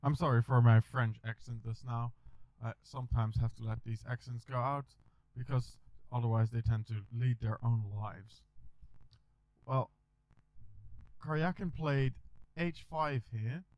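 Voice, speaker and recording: A man's voice: medium pitch, fairly even intonation, a little slow, no echo. A man teaching a chess video lesson, talking through the moves with small restarts. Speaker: chess coach. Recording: dull, dry recording.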